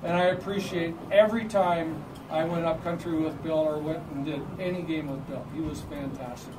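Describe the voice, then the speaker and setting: A man with a Canadian accent telling lively, laughing anecdotes at a memorial gathering about a fellow referee. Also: fairly high pitch, normal speed. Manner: animated storytelling, acts out quoted voices with laughter. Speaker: referee assigner giving a memorial tribute. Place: gathering hall with audience. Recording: distant mic, noisy crowd.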